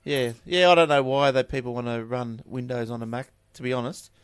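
A man's voice: mid-range voice, steady tone, fairly quick, clean tone, no echo. Australian male podcast host, chatty news reader, offhand asides, dry close recording. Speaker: tech podcast host reading news stories. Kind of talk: casual chat and news reading.

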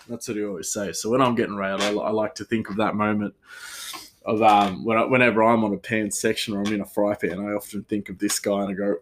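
Man, cook, low voice, rambling casual monologue. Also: fast talker. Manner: meandering, animated, laughs often.

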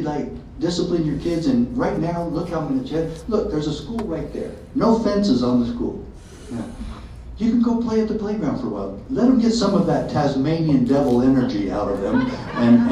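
A man telling a story to an audience in a lively way, acting out the dialogue. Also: fairly high pitch, moderate pace, a faint crowd, slight background noise. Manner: animated, acts out dialogue. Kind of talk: storytelling talk. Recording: echoey hall from far off, dull sound.

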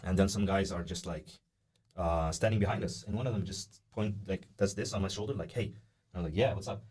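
Fast-talking young man telling a story. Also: sits low, breathy edge. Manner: animated, acts out the voices of people in his story; many "uh" and "like" fillers. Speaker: podcast guest. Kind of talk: casual storytelling.

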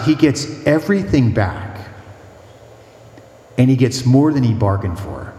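A male priest giving a mission talk, telling stories with lively, rhythmic repetition. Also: medium pitch, echoey room, in a large hall. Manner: animated storytelling preacher, rhythmic repetition.

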